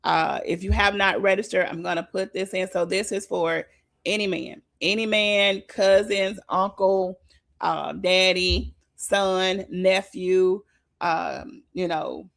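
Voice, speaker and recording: A woman's voice: fairly low pitch, steady tone, slow pace, creaky, fairly bright tone. A woman giving an informal sermon, talking conversationally and emphatically, often repeating her phrases. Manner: repetitive, emphatic, conversational preaching. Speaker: speaker leading a devotional talk.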